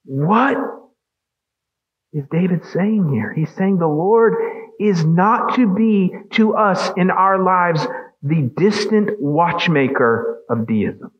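Male pastor, slightly high voice, unhurried emphatic sermon delivery, muffled lo-fi recording. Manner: emphatic preaching with rhetorical questions.

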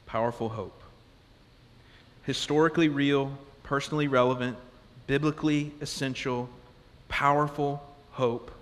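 A man preaching a sermon as pastor, conversational and animated, asking the congregation question after question. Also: medium pitch, a little slow, pauses often. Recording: long reverb of a large hall.

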